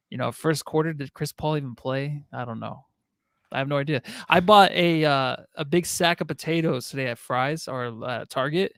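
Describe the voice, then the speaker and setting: A man's voice: fairly high pitch, lively intonation, moderate pace, no echo, studio quality. A man co-hosting a sports podcast, chatting in a laid-back, joking way and swearing casually. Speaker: podcast co-host.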